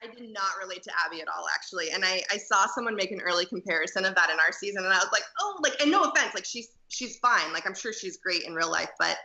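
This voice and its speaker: A woman's voice: medium pitch, lively intonation, quick pace, creaky, hardly any pauses, sharp tone, reverberant, low-quality recording. A woman in her twenties, a podcast guest, chatting casually and saying "like" a lot. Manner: chatty, peppered with "like". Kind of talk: casual interview chat.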